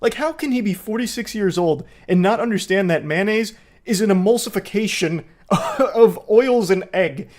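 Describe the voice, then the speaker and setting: A man reads out a stranger's text messages and picks them apart with sarcastic, swearing commentary. His voice sits a little high for a man, and he sounds openly incredulous. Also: normal speed, darkish tone.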